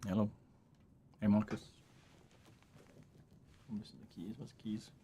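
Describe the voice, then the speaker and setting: A man streaming a keyboard build in a casual, relaxed way, muttering asides to himself and chatting to his cat between steps. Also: fairly low pitch, a little slow, slight background noise. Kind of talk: casual livestream chat while building a keyboard.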